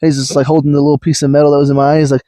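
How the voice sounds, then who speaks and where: Young man telling rambling stories, slightly high. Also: little pitch movement, very fast, no echo. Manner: rambling storyteller, swears a lot, acts out quotes loudly. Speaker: podcast co-host. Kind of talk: casual chat.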